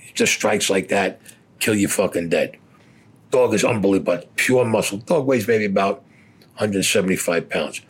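A man bluntly recounting a war story in rough, profane, casual speech. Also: fairly low pitch. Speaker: veteran storyteller.

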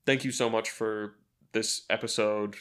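A man in casual chat, pitching a story idea and acting out quick quoted lines, often laughing. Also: level tone, a bit bright.

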